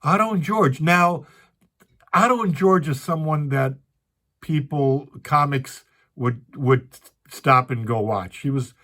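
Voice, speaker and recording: A man's voice: medium pitch, slow pace, fairly bright tone. An older male stand-up comedian telling rambling stories from his career with many restarts and asides. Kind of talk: storytelling.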